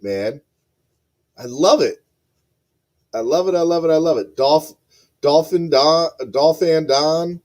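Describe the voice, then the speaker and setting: A man hosting a live podcast stream, excitedly reading out chat messages and repeating himself. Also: on the high side. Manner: excitable, repeats phrases, reads chat aloud. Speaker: podcast host.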